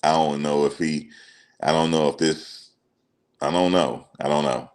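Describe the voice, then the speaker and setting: A man's voice: extremely low pitch, steady tone, unhurried. A man hosting casual celebrity news commentary, emphatic and slangy, repeating his points. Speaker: commentary channel host.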